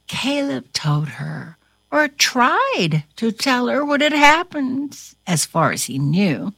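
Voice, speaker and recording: A woman's voice: medium pitch, sing-song, takes it slowly, vocal fry, a bit bright, breathy edge, dry recording, clean studio sound. A woman reading a storybook aloud to a listener in a dramatic, theatrical way, dropping into whispers and bursting into exclamations. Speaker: storybook reader.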